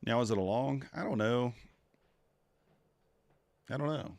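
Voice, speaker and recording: Day trader groaning through a live stream. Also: male voice, medium pitch, a little slow, creaky, a little mellow, dry recording. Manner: talks to himself and chat, groans at losses. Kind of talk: casual live-stream chat.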